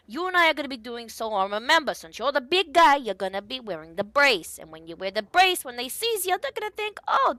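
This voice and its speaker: Woman playing a pint-sized bandit boss: piping, high, bossy and exasperated. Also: fairly bright tone, no echo. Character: short scheming male bandit leader, bossy.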